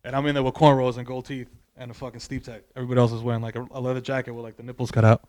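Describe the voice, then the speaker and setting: A young man telling animated, profane stories on a podcast, wandering off on tangents. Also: mid-range voice, rapid-fire. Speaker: podcast guest. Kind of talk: casual podcast chat.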